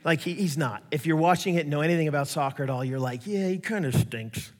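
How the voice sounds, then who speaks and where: A man preaching a sermon, telling stories in a lively way and acting out the voices of the people he quotes. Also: on the high side, fast. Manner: animated storytelling, acts out quoted voices. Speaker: pastor. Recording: echoey hall reverb.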